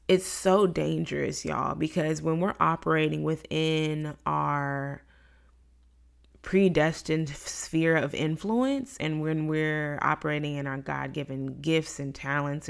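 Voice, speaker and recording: A Bible study teacher whose voice sits low, with vocal fry, gives an informal lesson. She keeps it conversational and brings quoted complaints to life with lively voices.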